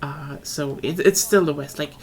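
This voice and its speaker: A woman's voice: sits low, moderate pace, a little mellow. A young woman with a German accent, chatting casually and rambling on a live stream, swearing now and then.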